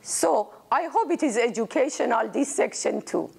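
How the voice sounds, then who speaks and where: An older woman giving an informal lecture, animated and emphatic, repeating words for stress. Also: a little high, moderate pace, creaky, slightly rough.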